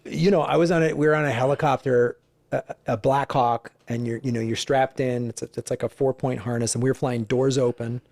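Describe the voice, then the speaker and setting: A middle-aged man, a guest comedian, telling stories in conversation, animated and profane, acting out the dialogue. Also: medium pitch, brisk, no echo. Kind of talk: conversational storytelling.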